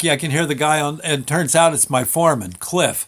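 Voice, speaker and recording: A man's voice: on the high side, a little fast, a bit bright. A man telling a story from his working life in a casual, rambling way, full of fillers and restarts. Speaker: show host.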